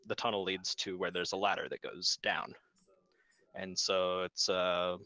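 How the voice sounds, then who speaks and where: A man's voice: sits low, bright, forceful tone, rough recording. A man running a tabletop game as game master, describing scenes loosely with many fillers.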